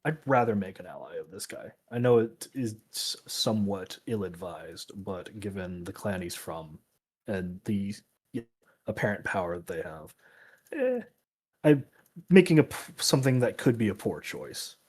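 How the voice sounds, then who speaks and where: Husky low-voiced male gamer. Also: very animated, moderate pace, darkish tone. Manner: casual, rambling, laughs often. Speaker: player. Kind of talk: tabletop role-play.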